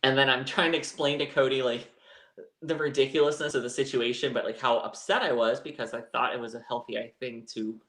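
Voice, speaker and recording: A man's voice: medium pitch, fairly even intonation, fairly quick, fairly bright tone, echoey room. A man co-hosting a live chat show, telling a personal story in a candid, rambling way. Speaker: co-host. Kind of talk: casual chat.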